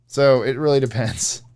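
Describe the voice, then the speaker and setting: A man's voice: medium pitch, slight background noise. A man co-hosting a casual live stream, rambling and correcting himself as he answers chat.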